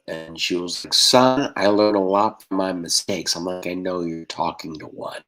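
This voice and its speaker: Speaking in a low voice, a Texan comedian performs a stand-up set through a video call. Expect snappy, deadpan one-liners and put-on voices for each joke's characters.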